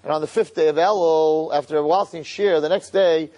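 A man preaches with lively energy, slipping into acted scenes and hammering points home through repetition. His voice sits a touch above the usual male pitch. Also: quick pace. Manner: animated, acts out scenes, repeats for emphasis. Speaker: religious speaker. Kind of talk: sermon.

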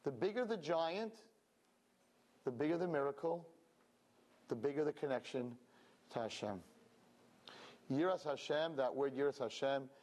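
A man, a rabbi, giving an animated and emphatic sermon in which he acts out quoted speech. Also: mid-range voice. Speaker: rabbi preaching.

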